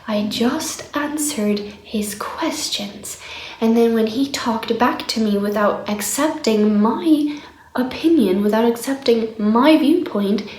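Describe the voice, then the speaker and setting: Woman, fairly high voice, exasperated diary vlog, echoey room, drops to whispers. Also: darkish tone. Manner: exasperated, venting, slips into whispers. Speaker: diary vlogger.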